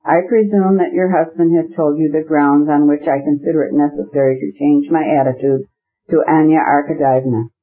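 A man voicing a cold, formal middle-aged husband in an audiobook, speaking in a measured, aloof way. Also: on the high side, steady tone, lightly acted. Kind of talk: audiobook character reading. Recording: dull lo-fi recording.

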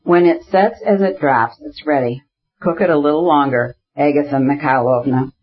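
A man reading the part of a gentle, practical married woman in an audiobook. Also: fairly high pitch, moderate pace, breathy edge, lo-fi sound.

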